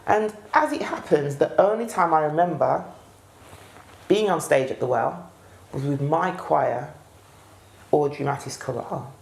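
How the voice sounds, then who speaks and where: A woman's voice: low voice, lively intonation, a little slow, vocal fry, pauses often, a little mellow. A woman who sang in a choir, reminiscing casually in an interview and searching for memories. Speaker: choir singer. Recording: echoey room with faint ambience.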